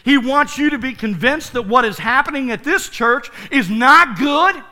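High, bright-voiced preacher with wide swings. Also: male voice, animated, normal speed, big-room sound. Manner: dramatic swings from loud to hushed; playful asides to the congregation. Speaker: pastor. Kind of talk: sermon. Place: church sanctuary.

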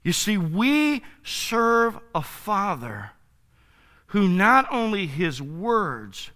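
A male pastor preaching a sermon to his church, emphatic and building to loud commands. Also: high voice, big pitch swings, very slow. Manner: emphatic, rising to shouted commands. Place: church sanctuary.

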